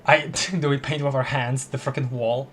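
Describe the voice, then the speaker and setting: A man streaming a game in a casual, giggly way, reading its text aloud and tripping over words. His voice sits at a middle pitch. There is a faint hiss behind him. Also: steady tone, moderate pace, fairly bright tone. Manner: laughs often, reads game text aloud with stumbles. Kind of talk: casual game playthrough commentary.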